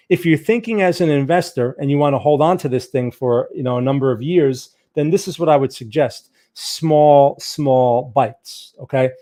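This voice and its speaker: A man's voice: a little high, mellow. A man hosting a live trading stream, answering viewer questions casually and thinking aloud with frequent repeated words. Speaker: trading livestream host. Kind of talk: live Q&A on market charts.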